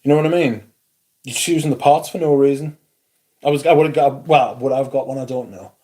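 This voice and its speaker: A man's voice: mid-range voice, brisk, mellow. Sweary Geordie man chatting on a livestream. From Newcastle, England. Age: 40s. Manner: blunt and sweary, with a dry sarcastic edge. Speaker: livestream host. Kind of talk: casual livestream chat reading comments.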